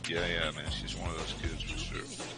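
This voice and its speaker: A middle-aged man with a very low voice chats loosely, spinning stories and laughing easily. Music plays clearly behind him. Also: little pitch movement, normal speed. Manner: laid-back, storytelling, laughs often. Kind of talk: casual chat.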